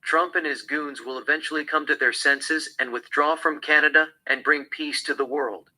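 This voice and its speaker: An outspoken female TV reporter delivers her report, voiced by a man reading from a script. The tone is bright and a little husky, read flatly. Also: fairly high pitch, normal speed, low-quality recording.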